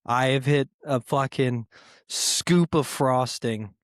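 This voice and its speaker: A man rambles through a casual solo podcast, swearing freely and poking fun at himself in quick bursts. His voice sits in a middle pitch, and the recording is dry and close with no room sound. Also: no echo. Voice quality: rambling, profane, self-mocking, quick bursts. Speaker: podcast host.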